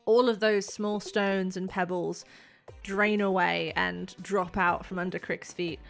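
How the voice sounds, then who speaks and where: A woman's voice: fairly low pitch, fairly even intonation, unhurried, vocal fry, soft background music. A woman narrating as game master of a tabletop role-playing game, in a loose, chatty way full of fillers.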